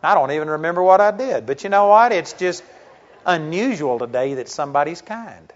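A man's voice: a little high, lively intonation, fairly quick. A middle-aged man preaching a sermon to a congregation, talking conversationally, asking rhetorical questions and telling stories. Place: church. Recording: dull lo-fi sermon recording.

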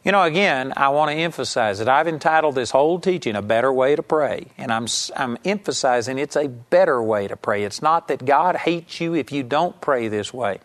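A man's voice: mid-range voice, lively intonation, a little fast, hardly any pauses, a bit bright. A man preaching a sermon, teaching earnestly and emphatically, and sometimes acting out the people in his story.

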